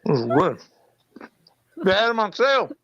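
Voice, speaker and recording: A man's voice: sits high, very animated, normal speed, fairly bright tone, no room sound, muffled recording. A man co-hosting a casual watch-party podcast, crude and laid-back, talking while he eats. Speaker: podcast co-host.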